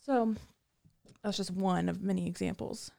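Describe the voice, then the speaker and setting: Woman guest, vocal fry, rambling storyteller with lots of fillers. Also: mid-range voice, steady tone, normal speed, mellow. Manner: rambling, many fillers and restarts. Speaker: guest recounting prison time. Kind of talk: casual storytelling.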